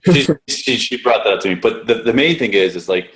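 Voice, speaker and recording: A man's voice: mid-range voice, expressive, a little fast, a bit bright. A man, a gym coach, talking casually and at length about a client, with many restarts and casual swearing. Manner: rambling, profane, many restarts. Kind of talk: casual podcast discussion.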